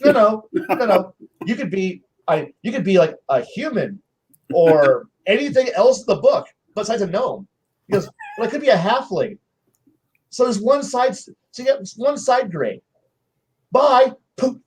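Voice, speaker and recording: A man with a high voice sits on a panel swapping tabletop game anecdotes. He talks in loose casual chat, full of restarts and little acted-out quotes from his players. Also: big pitch swings, a little slow, breathy edge.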